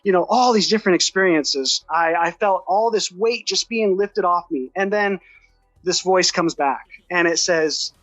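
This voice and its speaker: A high-pitched man tells a personal story with earnest feeling, often rushing and restarting his sentences. The sound is dry and a bit dull and lo-fi, with faint music underneath. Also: fairly bright tone, dry recording. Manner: earnest, heartfelt, rushed with restarts. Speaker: podcast guest.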